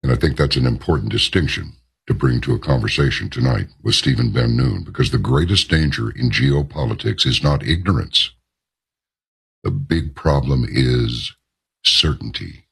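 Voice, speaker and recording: A man hosting a talk radio show in an emphatic monologue, leaning hard on the words he stresses. His voice sits very low, with a gravelly fry and a husky, raspy edge. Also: animated, normal speed, a bit bright. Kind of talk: on-air opinion monologue.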